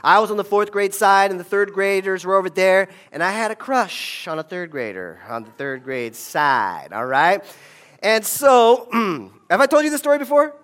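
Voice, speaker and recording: A man's voice: high-pitched, very animated, moderate pace, a bit bright. A man giving a conversational storytelling talk, often checking in with his audience. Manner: conversational, asks the audience "right?".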